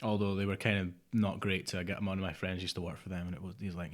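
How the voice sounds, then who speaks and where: A man's voice: sits low, level tone, rapid-fire. A man, co-hosting a casual podcast chat, rambling and dropping into mutters. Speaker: podcast co-host.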